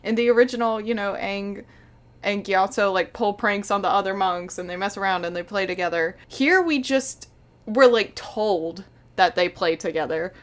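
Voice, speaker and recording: A woman's voice: medium pitch, moderate pace, poor audio. A young woman in her twenties, an animator, giving a casual video review in an incredulous, sarcastic way, often laughing.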